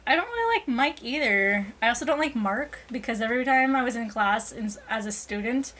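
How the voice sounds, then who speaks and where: A woman's voice: fairly high pitch, expressive, fairly quick, a bit bright, low-quality recording. A young woman co-hosting a podcast, telling a story casually with sarcasm, laughs and silly voices. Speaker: podcast co-host.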